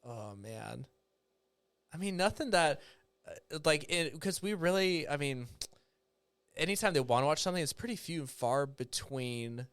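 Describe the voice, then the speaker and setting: A man's voice: on the high side, expressive, measured pace, fairly bright tone, clean tone. A man in his thirties, a father of two young sons, chatting casually as a podcast guest in an easygoing, rambling way and laughing often.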